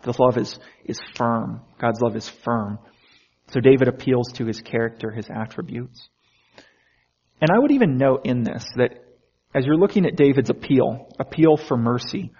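A male pastor delivers a sermon in a relaxed, talky manner, slipping into quick voiced asides for the figures in his story. His voice is somewhat husky, and the recording sounds dull and lo-fi. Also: medium pitch. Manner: conversational preaching, acts out biblical speakers in quoted asides.

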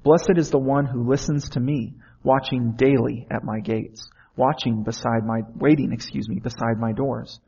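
A man's voice: medium pitch, fairly even intonation, moderate pace, vocal fry, few pauses, dark tone, breathy edge, dull audio. A man preaching a sermon in an earnest way, often asking the listeners questions.

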